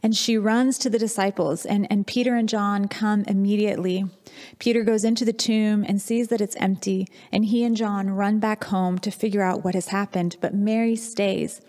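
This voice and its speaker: A woman pastor in her thirties delivers a sermon at an ordinary middle pitch. She tells stories in a candid, reflective way. Her voice rings out with a long hall reverb around it. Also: steady tone, normal speed, darkish tone. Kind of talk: sermon with personal storytelling.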